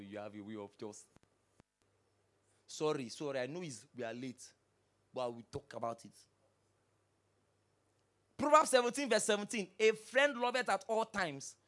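A pastor preaching a sermon, firing rhetorical questions and swinging from hushed asides to loud bursts. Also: medium pitch, lively intonation, normal speed, long pauses.

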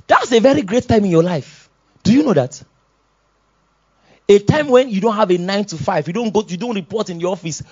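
A Nigerian man preaching a sermon as pastor, moving from quiet asides to loud shouted exhortations. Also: sits high, expressive, fairly quick, slightly rough, lo-fi sound. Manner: swings from soft asides to loud shouted exhortations, laughs often.

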